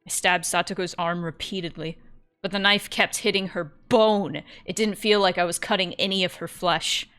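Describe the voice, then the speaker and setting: A woman narrating a visual novel aloud in first person, keeping a steady, matter-of-fact delivery. Her voice sits a little low for a woman. Faint music runs underneath. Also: moderate pace, smooth.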